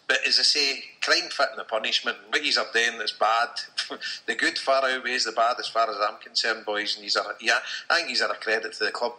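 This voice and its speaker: A Scottish man hosting a casual podcast chat, enthusiastic and quick to agree. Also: medium pitch, bright, forceful tone, poor audio. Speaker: podcast host.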